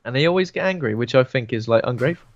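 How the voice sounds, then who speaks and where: A man's voice: mid-range voice, animated, racing. A man co-hosting a podcast, chatting casually and telling playful, teasing jokes. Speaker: podcast co-host. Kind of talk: casual film chat. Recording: dry, dull lo-fi sound.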